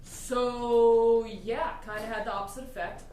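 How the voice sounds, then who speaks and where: A woman playing a flustered, stranded band member in an improvised comedy scene, rambling and now and then shouting. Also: on the high side, steady tone, a little slow, close to an everyday voice. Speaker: improv performer. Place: live theatre stage. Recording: echoey stage heard from far off with noise.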